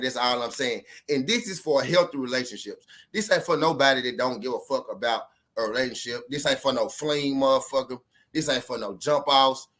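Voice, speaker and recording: Forceful, profane man telling a story. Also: medium pitch. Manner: profane, repetitive, emphatic street talk. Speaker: vlogger giving relationship advice. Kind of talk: casual storytelling to camera.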